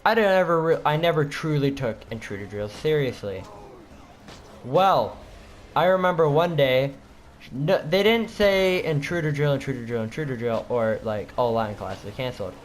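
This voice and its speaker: Teen boy vlogger, mid-pitched voice, loose rambling storytelling full of self-corrections. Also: lively intonation, moderate pace, a little hiss or hum. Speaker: student vlogger. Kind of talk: casual storytelling.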